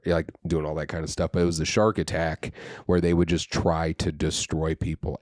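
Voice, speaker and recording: Pria bersuara rendah, ngobrol santai. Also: male voice, low-pitched, a little mellow, no room sound, studio quality. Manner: rambling storyteller, swears freely. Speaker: podcast co-host. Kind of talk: casual chat.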